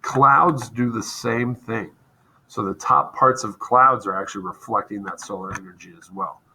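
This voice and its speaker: Low-pitched man teaching a lecture. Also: moderate pace, a little hiss or hum, poor audio. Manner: explanatory, frequent "right?" and "okay?" checks, some restarts; self-described monotone delivery. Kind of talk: recorded class lecture over slides.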